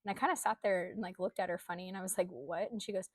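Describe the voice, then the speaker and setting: A young adult woman recounts her own experience in a relaxed, conversational vlog manner, sprinkling in ums and likes. Her voice sits at an ordinary middle pitch, and the recording is dry and close with no room echo. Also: racing. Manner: candid, conversational, with frequent um and like. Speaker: coach. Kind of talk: personal storytelling vlog.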